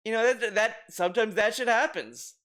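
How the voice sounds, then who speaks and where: A man with a notably high voice talks through a reaction commentary in a loose, casual way. He swears freely, doubles back on his words and restarts sentences mid-thought. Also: moderate pace, fairly bright tone. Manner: rambling, profane, repeats words and restarts often. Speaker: commentary video host.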